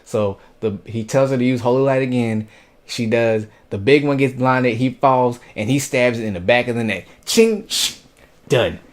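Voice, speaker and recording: A man casually recapping an anime episode, retelling scenes in an animated way with quoted lines and sound effects. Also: mid-range voice, normal speed. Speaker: anime reviewer.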